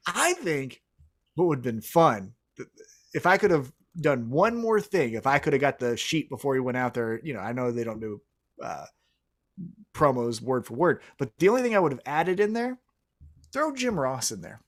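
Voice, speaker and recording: A man co-hosting a wrestling podcast in casual chat, animated, with quick asides and some swearing. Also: medium pitch. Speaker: co-host.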